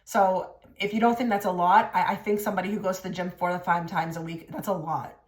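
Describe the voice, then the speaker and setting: A woman's voice: on the low side, fairly even intonation, quick pace. Blunt woman doing a tarot reading. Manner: direct and blunt, many filler likes. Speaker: tarot reader. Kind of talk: casual pick-a-card reading to camera. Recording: echoey room.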